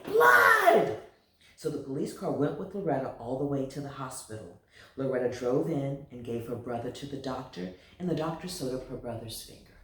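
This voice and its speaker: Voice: medium pitch, distant mic, slight background noise. A reader telling a picture book aloud in a playful, chatty way, then signing off to listeners. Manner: animated, playful, chatty sign-off. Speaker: storybook reader. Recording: very echoey room, voice from afar.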